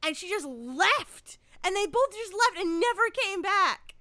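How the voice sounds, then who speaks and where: A woman's voice: very high-pitched, animated, a little slow, pushed and bright. A woman co-hosting a podcast, telling a long story in casual chat, rambling with restarts and frequent swearing. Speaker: podcast co-host.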